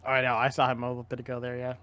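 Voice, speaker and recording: A man's voice: medium pitch, monotone, racing, sharp tone, clean tone. A man co-hosting a casual sports podcast, rambling and opinionated with frequent restarts. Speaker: podcast co-host.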